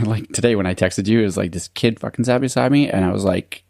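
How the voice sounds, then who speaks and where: Laid-back, low-voiced swearing podcast guy. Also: fast, gravelly, a little mellow, no room sound, clean studio sound. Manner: rambling, swears a lot, laughs at himself. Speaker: podcast co-host. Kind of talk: casual chat.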